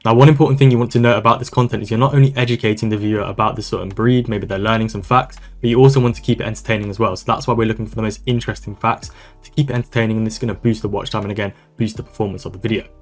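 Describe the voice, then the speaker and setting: A man walking through a software tutorial over a screen recording, talking in a brisk, casual, upbeat way. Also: on the low side, fairly even intonation, soft background music. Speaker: online business coach.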